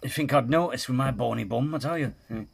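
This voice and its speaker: A man's voice: medium pitch, fast talker, creaky, background noise. A man hosting a reaction video, chatting casually with crude, self-mocking humour and frequent laughs.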